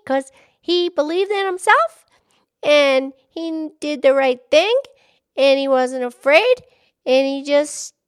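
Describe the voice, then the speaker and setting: Woman, extremely high voice, slow enthusiastic chat reactions. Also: dry recording, clean studio sound. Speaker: listener chatting with the storyteller. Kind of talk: casual chat.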